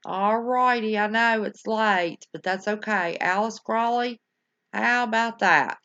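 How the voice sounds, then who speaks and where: Mid-range and sharp in tone, the older woman's voice moves a little slowly. She hosts a livestream and chats casually with viewers, folksy and affectionate, addressing them as honey and y'all, all captured in dull lo-fi home stream audio.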